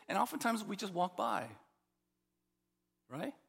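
A man preaching a sermon as pastor, expressive and building to emphatic, repeated points. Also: very high voice, fairly quick, creaky, pauses often, breathy edge, long reverb tail.

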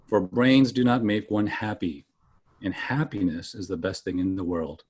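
A man reading out the lines of a gentle male tin woodsman from a storybook, in a measured way. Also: fairly low pitch, husky, pitched below the performer's own voice. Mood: wistful. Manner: read aloud from a book, measured.

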